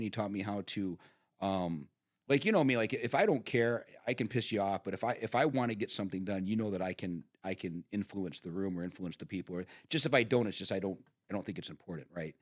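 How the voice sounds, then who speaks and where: Middle-aged man, podcast guest, salty animated storyteller, dry close studio sound. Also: on the low side, fairly quick, no room sound. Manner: animated storyteller, swearing, frequent laughs and restarts. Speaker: podcast guest, father of the host. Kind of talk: casual storytelling chat.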